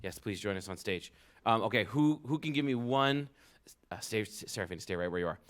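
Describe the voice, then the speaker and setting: A man's voice: fairly low pitch, animated, fairly quick, fairly bright tone. A man reading a picture book aloud to children at a live event, playful and asking the kids for details.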